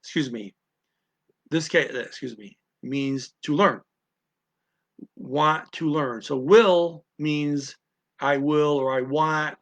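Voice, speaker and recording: A man teaching word by word in a casual lesson, halting and repeating sounds aloud with many fillers. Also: fairly high pitch. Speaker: language teacher.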